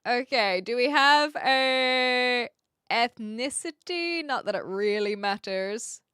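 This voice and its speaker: A young woman streams live and chats loosely with her viewers, her speech scattered and packed with fillers and restarts. Her fairly high voice is animated but slow, pushed, bright, and smooth. There's no echo, and the audio is studio quality.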